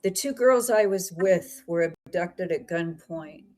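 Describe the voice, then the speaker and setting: A woman podcast host from central Pennsylvania, telling a story in a chatty, meandering, animated way over a remote call. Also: fairly low pitch, a little slow, rough recording. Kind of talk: casual storytelling chat.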